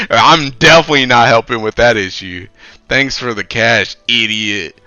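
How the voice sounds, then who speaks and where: A man's voice: mid-range voice, normal speed, pushed and bright. A young man streaming, ranting about tech support in a loose, slangy, exasperated way. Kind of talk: casual chat.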